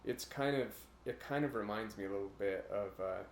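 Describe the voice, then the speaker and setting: Guy chatting casually, kinda rambly, slips into goofy impressions, low voice, echoey room w/ faint hiss. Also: fairly quick. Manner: rambling, jumps into brief imitation voices. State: a bit nervous about recording. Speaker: podcast co-host. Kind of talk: casual chat.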